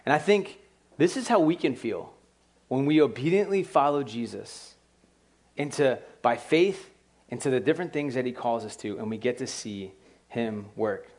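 A man preaching a conversational sermon in a casual, animated way, with asides to the congregation. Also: medium pitch, normal speed. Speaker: pastor.

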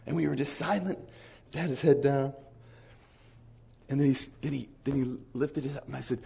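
A man preaching in an animated storytelling sermon, acting out the dialogue of the people in his stories. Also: medium pitch, moderate pace, gravelly, pauses often, breathy edge. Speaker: pastor.

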